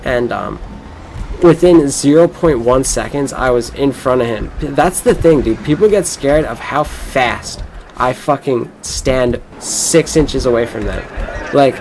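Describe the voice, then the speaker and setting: A man's voice: medium pitch, unhurried, vocal fry, a little mellow, slight background noise, low-quality recording. A young man from Florida talking casually over a game, rambling and cursing as he tells a boastful story. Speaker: gameplay streamer. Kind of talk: casual rambling gameplay commentary.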